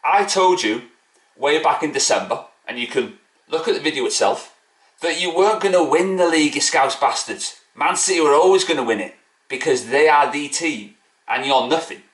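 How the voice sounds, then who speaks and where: A man's voice: a little high, expressive, moderate pace, fairly bright tone. A man ranting mockingly to camera about a rival football club in a fan video. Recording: echoey room.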